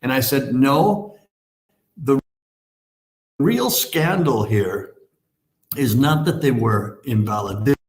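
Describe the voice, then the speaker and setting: A man speaking as a Catholic priest, telling a story in a measured, earnest way. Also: medium pitch, lively intonation. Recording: echoey clip played back.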